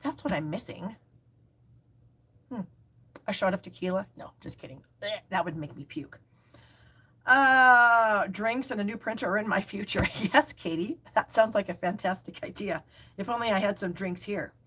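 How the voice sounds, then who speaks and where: A chatty middle-aged woman hosts a live craft stream. She talks casually to her viewers, reads their comments aloud and laughs often. Her voice sits at an ordinary pitch for a woman. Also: normal speed, sharp tone, breathy edge. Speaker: stamping demonstrator hosting a live class.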